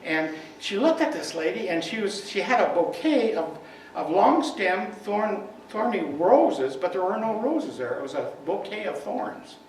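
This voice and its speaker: A male minister telling a story in his talk, animated and full of fillers, at a spiritual center. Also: high-pitched, unhurried. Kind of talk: sermon storytelling. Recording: echoey hall, far from the mic, faint noise.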